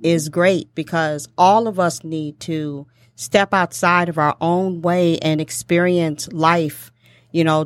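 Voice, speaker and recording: A woman's voice: low voice, no echo, studio quality. A woman hosting a casual talk show, chatty and encouraging, laughing often as she brings in her guests. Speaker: host.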